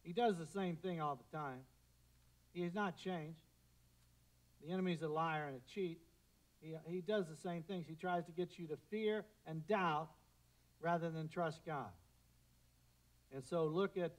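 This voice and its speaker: A middle-aged man preaching a sermon as pastor, swelling into loud declarations and dropping into quiet, prayerful asides. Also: fairly high pitch, fairly even intonation, unhurried, long pauses, low-quality recording.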